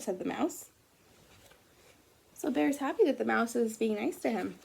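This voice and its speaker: A woman reads a picture book aloud to young children, her voice high and touched with gravelly fry. She reads gently and stops now and then to ask the listeners what they think will happen. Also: lively intonation, normal speed. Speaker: teacher reading aloud.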